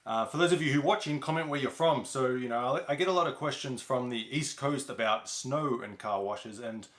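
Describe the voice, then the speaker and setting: A man's voice: mid-range voice, brisk, fairly bright tone, reverberant. A man hosting a casual livestream chat, talking loosely with lots of fillers and restarts. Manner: loose, rambling, with many fillers. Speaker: host of a car wash business channel. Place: home.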